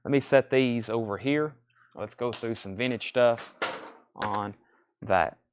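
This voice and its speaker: A man's voice: mid-range voice, takes it slowly, noisy background. A man running a live record sale, rattling off titles and prices with chatty asides. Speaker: record seller. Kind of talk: live sale stream, casual selling.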